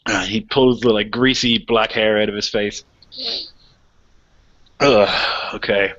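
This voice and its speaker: A man runs a tabletop game in a loose, rambling way. His voice is low and bright, and the recording sounds dull and lo-fi. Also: fairly even intonation, takes it slowly. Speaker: game master. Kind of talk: casual tabletop narration.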